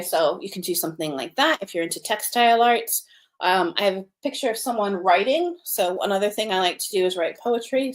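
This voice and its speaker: Gentle woman teaching children. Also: mid-range voice. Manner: gentle, asks many questions. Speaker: craft teacher. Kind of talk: kids' lesson talk. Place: home, with books and knitting at hand.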